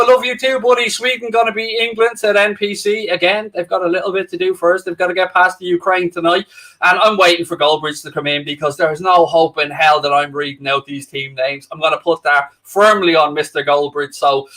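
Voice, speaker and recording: A young Irish man co-hosting a live football watchalong, talking straight to his viewers in a loose, joking way. His voice sits high and sounds bright and forward. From Ireland. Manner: chatty, jokey, addresses viewers directly. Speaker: co-host of a football watchalong livestream. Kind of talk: casual livestream chat reading out viewer comments.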